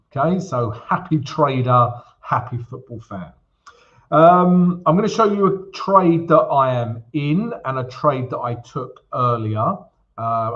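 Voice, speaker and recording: A man's voice: medium pitch, fairly bright tone, dull audio. An upbeat, chatty man hosting a trading livestream, greeting viewers by name and walking through charts. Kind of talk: casual livestream chat and chart walkthrough.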